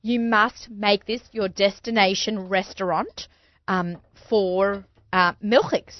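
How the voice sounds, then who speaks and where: A woman's voice: medium pitch, fairly even intonation, takes it slowly, no room sound. A woman with an Australian accent hosting a casual radio interview, chatty and laughing often. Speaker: radio show host. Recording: dull lo-fi studio sound, dry.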